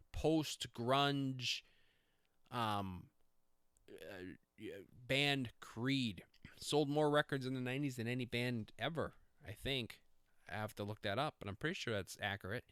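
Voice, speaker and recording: A man's voice: medium pitch, fairly bright tone, smooth, no echo, studio quality. A middle-aged man hosting a podcast, talking in a rambling, self-interrupting, jokey way. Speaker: podcast host. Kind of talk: casual rambling monologue.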